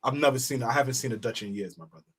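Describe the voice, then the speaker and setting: A man's voice: medium pitch, rapid-fire, breathy edge. A man from Queens, hosting a casual podcast chat, teasing his co-host and laughing often. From New York (Queens).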